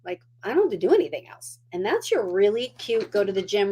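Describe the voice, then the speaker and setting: A woman's voice: medium pitch, very animated, quick pace, hardly any pauses, darkish tone, breathy edge. A middle-aged woman hosting a casual makeup tutorial at home, chatty and down-to-earth as she demonstrates.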